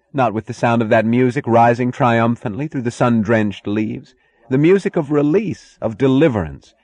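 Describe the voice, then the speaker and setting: A man narrates an audiobook in a deep, low-pitched voice. His reading is measured and expressive, and the recording is dry and close with no room sound. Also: no echo. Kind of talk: scripted narration.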